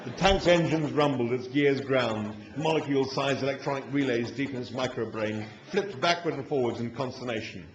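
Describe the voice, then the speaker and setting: A man narrating a story aloud in a lively, expressive way at a live reading in a hall. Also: mid-range voice, normal speed, few pauses, muffled recording. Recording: echoey hall, faint noise.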